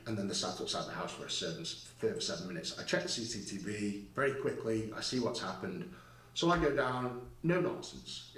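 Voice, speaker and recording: A man tells a confrontation story in a blunt, heated way and swears freely. His voice sits at a middling pitch. It sounds roomy and distant, like clip audio caught away from the mic. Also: fairly bright tone. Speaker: guest recounting an incident.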